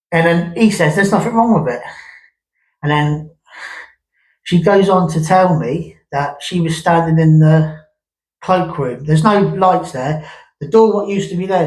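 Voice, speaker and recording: Rambling storytelling man, slightly high voice. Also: low-quality recording. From England. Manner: rambling, conversational, with many restarts and asides. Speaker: vlogger.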